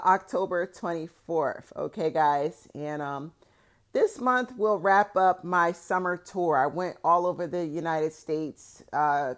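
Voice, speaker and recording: A woman vlogger talking straight to her viewers like a big sister, frank and heavy with swearing, getting loud and heated when she stresses a warning. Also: on the low side. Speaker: vlogger and support group organizer. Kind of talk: blunt advice talk to viewers.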